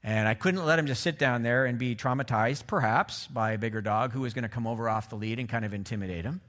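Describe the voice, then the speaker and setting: Man, middle-aged, pastor, chatty sermon, mid-pitched voice. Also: fast talker, a bit bright. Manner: conversational, asks the audience "right?".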